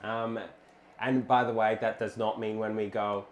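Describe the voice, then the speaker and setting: A man's voice: on the low side, little pitch movement, unhurried, a little hiss or hum. A man co-hosting a live cooking stream from a small home kitchen, chatting casually, laughing often and reading out viewer messages. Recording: roomy kitchen with faint ambience.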